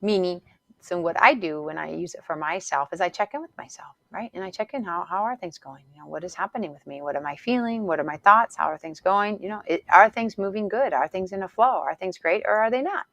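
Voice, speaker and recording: A woman hosting a spiritual podcast, speaking in a gentle, repetitive, affirming way with soft laughs. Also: fairly low pitch, expressive, brisk, vocal fry. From Northern Hemisphere. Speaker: podcast host and Psych-K instructor. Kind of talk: gentle motivational spiritual talk.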